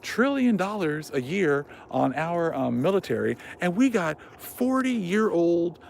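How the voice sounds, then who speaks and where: A man voicing an agitated man, an off-grid desert prepper, ranting in a raised, high-pitched voice. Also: expressive, brisk, creaky, a little hiss or hum. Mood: indignant.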